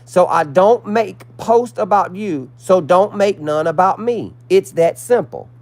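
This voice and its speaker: A man's voice: high-pitched, expressive, unhurried. A man hosting a livestream, indignantly reading out messages to his viewers in casual chat. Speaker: livestream host.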